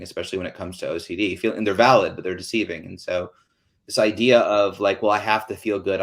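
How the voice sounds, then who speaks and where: A man hosting an online town hall, talking in an earnest, chatty way with many fillers over a video call. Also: on the low side. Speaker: host.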